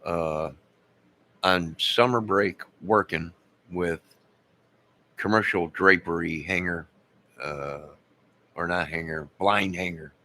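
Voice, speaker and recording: A man's voice: low-pitched, fairly even intonation, slow, long pauses, bright, forceful tone, slight background noise. A man in his fifties chatting live with viewers, rambling and losing his train of thought. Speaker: live streamer.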